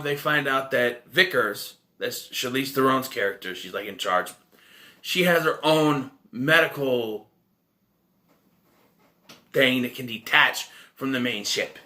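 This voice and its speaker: Lively, bright-voiced man recapping a film. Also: medium pitch, measured pace. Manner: rambling plot recap, self-correcting, wry asides. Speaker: film reviewer. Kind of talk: casual spoken movie review.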